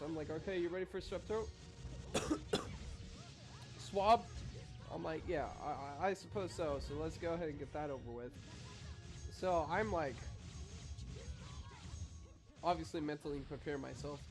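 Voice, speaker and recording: A young man with a somewhat high-pitched voice spins a casual, rambling story. He swears freely and acts out both sides of each conversation. Faint music plays quietly in the background. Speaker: vlogger.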